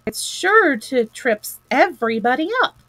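A woman's voice: high-pitched, lively intonation, a little slow, fairly bright tone, dry recording, exaggerated voice, rough recording. A woman voicing a small, fussy and pedantic male mole who speaks in a raised, plaintive way. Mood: huffy.

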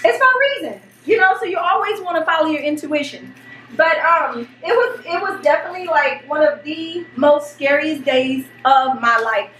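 A middle-aged woman and mother, hosting a home vlog, telling a story in an animated, excitable way. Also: high voice, normal speed, echoey room, distant mic, a little hiss or hum. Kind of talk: casual storytelling. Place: home kitchen.

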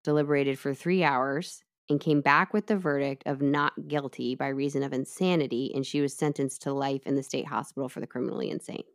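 A woman with a notably low voice retells a criminal trial step by step for her co-host. She is chatty and easygoing, with plenty of asides. The delivery is casual storytelling rather than a read script. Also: fairly even intonation, brisk, few pauses. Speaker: podcast co-host telling the case. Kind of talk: casual true-crime storytelling.

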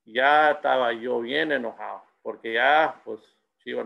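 A middle-aged presenter at a school, his mid-range voice marked by vocal fry, tells anecdotes at normal speed while code-switching between English and Spanish. The audio is dull.

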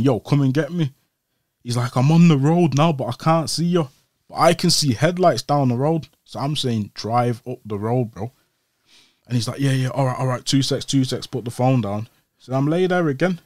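A man's voice: mid-range voice, no echo, clean studio sound. A young man, an interview guest telling his story casually, acting out the voices of the people in it. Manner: animated, acts out quoted voices.

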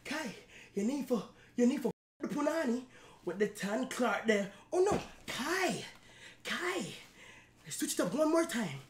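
A man's voice: very high voice, sing-song, a little slow, reverberant, a little hiss or hum, heavily acted. A man putting on a pleading Jamaican woman. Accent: Jamaican put-on. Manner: breathy pleading, repeating the name.

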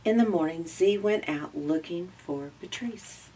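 A woman with a Southern American accent reading a children's picture book aloud, gently and slowly, lifting her voice for the characters. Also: fairly low pitch, recorded from a distance, noisy background. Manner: gentle, slow storytelling with raised voices for characters.

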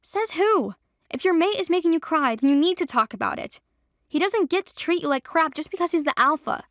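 A woman voicing a fiercely loyal young best friend who is quick to anger, in a dry audio drama reading. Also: high voice, lively intonation, dry recording, pitched above the performer's own voice. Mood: fiercely protective. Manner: indignant, raised and quick to anger.

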